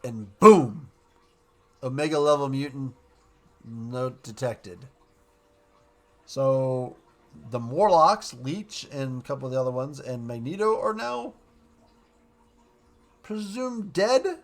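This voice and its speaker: A man casually recapping and reviewing a cartoon episode, rambling and excited, dropping quick quotes of the characters. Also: mid-range voice.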